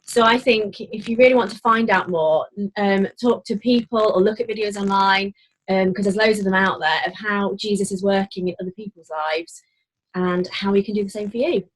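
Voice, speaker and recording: A young woman speaks in a casual chat as a youth leader, her voice a little breathy. She is reflective and hesitant, pausing on frequent ums. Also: medium pitch, fairly even intonation, low-quality recording.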